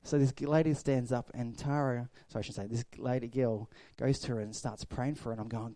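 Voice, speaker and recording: A middle-aged pastor preaching a sermon, his voice mellow and relaxed. He moves between loud, lively storytelling and quiet, intimate passages. The sound is close and dry. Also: mid-range voice, a little fast, few pauses, dry recording.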